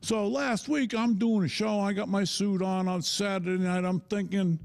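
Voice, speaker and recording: A middle-aged man performing a stand-up comedy set, telling stories in an animated way and laughing at his own jokes. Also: high-pitched, moderate pace, vocal fry, hardly any pauses.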